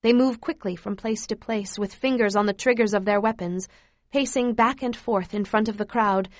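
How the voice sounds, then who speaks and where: A woman narrating a first-person story in a steady, measured reading voice. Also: medium pitch, dry recording. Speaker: audiobook narrator.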